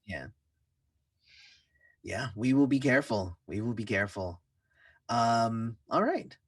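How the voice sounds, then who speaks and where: A man game master narrating a tabletop game in a relaxed, filler-heavy way, often chuckling. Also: mid-range voice, takes it slowly, slightly rough, dry recording, studio quality, far from the mic.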